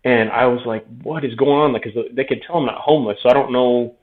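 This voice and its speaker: A man's voice: mid-range voice, fairly even intonation, quick pace. A man in his thirties, a veteran guest telling his story frankly in a casual interview, often quoting himself. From Tucson, Arizona. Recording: tinny phone-like audio.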